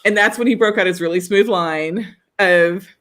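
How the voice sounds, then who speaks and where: A woman's voice: medium pitch, moderate pace. A woman, co-hosting a podcast and telling a story in casual chat, laughing often and acting out the lines of the people in it. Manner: animated, laughing, acts out quoted dialogue. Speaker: podcast co-host.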